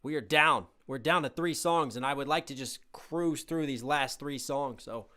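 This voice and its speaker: A man reacting to music on a live stream, excitable and breaking down lyrics line by line in casual commentary. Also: medium pitch, normal speed. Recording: music playing in the background.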